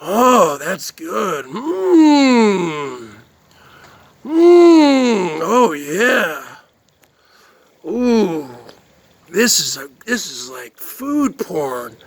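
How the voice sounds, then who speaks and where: A man's voice: sits high, very animated, extremely slow, exaggerated voice. A man doing a comic impression of a boastful Jersey man who brags about his pizza and moans with pleasure as he eats it. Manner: loud smacking yummy sounds, bragging.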